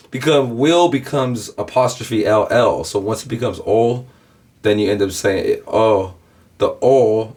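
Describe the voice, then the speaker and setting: A man's voice: fairly low pitch, a little mellow. A young man hosting a reaction video, breaking down rap wordplay in a rambling, casual way full of "like" and "bro". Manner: rambling, repeats himself, says "bro" and "like" a lot. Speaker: reaction channel host.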